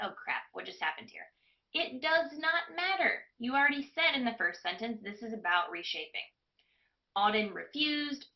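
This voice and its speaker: A woman's voice: fairly high pitch, dull audio. A woman tutor reading a passage aloud in a live online class and stopping to put questions to her students. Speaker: test prep tutor.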